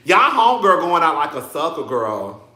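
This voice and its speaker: A man's voice: on the high side, big pitch swings, moderate pace, sharp tone, echoey room. A man casually commenting on a reality show, sassy and dramatic, laughing often and calling his listeners girl.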